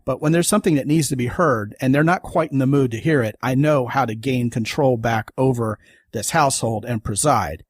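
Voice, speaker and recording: A man's voice: mid-range voice, a little fast, slightly rough, dry recording, studio quality. A man hosting a podcast, talking in an emphatic, folksy way in casual conversation. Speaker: podcast host.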